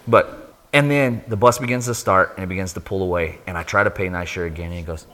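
A man giving a sermon testimony, telling his story with lively energy and acting out the voices of people he met. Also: deep voice, fast. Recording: long hall reverb.

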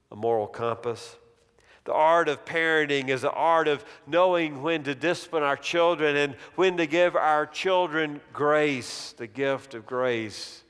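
A middle-aged man preaching a sermon in a church sanctuary, telling stories dramatically and slowing to a hush on key words. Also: medium pitch, clean tone. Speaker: pastor. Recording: long reverb of a large hall.

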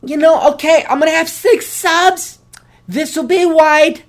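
A man mocking a spoiled, finicky sandwich-shop customer with prissy, drawn-out orders. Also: very high-pitched, voice pushed up. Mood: fussy.

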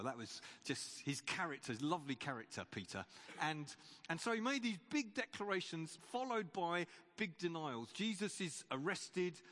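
A man's voice: a little high, fairly bright tone. A man preaching a sermon in a chatty, stop-start way, retelling a Bible story. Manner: conversational, with frequent restarts and repeated words. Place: church. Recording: long church reverb.

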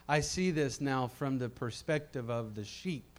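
A pastor delivers a sermon to his congregation in a medium-pitched voice at a measured pace, with hardly any pauses. He swings between quiet, reflective passages and loud, emphatic ones, often repeating words as he builds.

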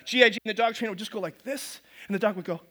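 A male pastor with a very high, bright, forceful voice preaches to his congregation. He tells stories in a lively way, acts out the characters' voices and sometimes gets loud. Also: rapid-fire, a little hiss or hum. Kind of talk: sermon with storytelling.

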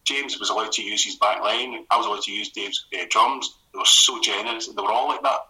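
A middle-aged Scottish man, a comedy writer, telling stories in a casual radio conversation with quick restarts and laughs. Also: fairly low pitch, rough recording. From Scotland. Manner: rapid, animated storytelling with restarts and laughs.

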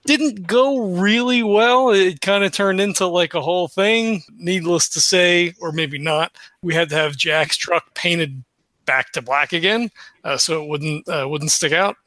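On a podcast, a man gives a casual, filler-laden rundown of the latest tabletop game session, laughing easily along the way. His voice is a little high and sharp, his tone steady, his pace a little slow, with no room sound.

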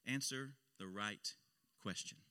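A man's voice: fairly low pitch, slow pace, sharp tone, smooth, big-room sound. A male pastor preaching a sermon in an impassioned style, his voice swelling on key phrases. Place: church sanctuary.

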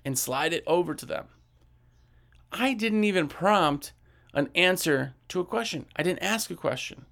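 Gravelly man teaching sales chat. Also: high-pitched, expressive, normal speed, fairly bright tone. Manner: conversational, acts out sales dialogue, frequent "right?". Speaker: window cleaning business trainer. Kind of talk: casual teaching talk.

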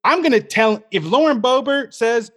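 A man co-hosting a casual livestream talk show, sardonic and animated. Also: very high voice, moderate pace. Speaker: podcast co-host.

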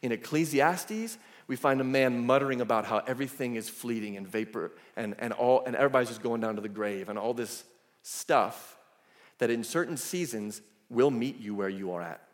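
A male pastor delivering a sermon, telling the story in a lively, casual way with asides. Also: medium pitch, normal speed. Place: church sanctuary. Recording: echoey church hall.

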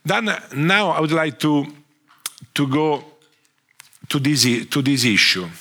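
A man with an Italian accent giving a conference lecture, speaking haltingly with frequent restarts and fillers. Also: on the high side, animated, bright, forceful tone. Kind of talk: conference talk.

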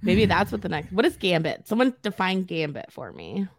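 A woman's voice: fairly low pitch, very animated, moderate pace, dry recording, clean studio sound. A young woman co-hosting a book podcast, laid-back and drawling, trailing off mid-thought. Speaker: podcast co-host. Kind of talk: casual chat.

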